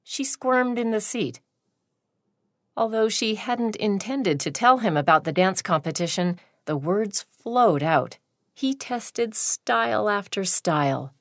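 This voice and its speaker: Woman narrator, story reading, slow, deliberate, mid pitch, dry close sound. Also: dry recording.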